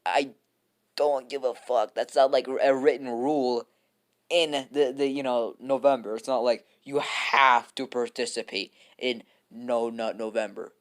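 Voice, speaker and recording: A man's voice: mid-range voice, a little slow. Laughing, rambling young man. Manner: laughs often, swears, slangy and rambling. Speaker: YouTuber telling a fan story. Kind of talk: casual rambling storytelling.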